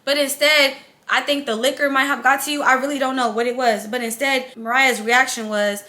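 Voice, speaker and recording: Young woman vlogger spilling a story, super chatty, bright kinda high voice. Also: a little fast. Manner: animated, chatty, acts out dialogue. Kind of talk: casual storytime.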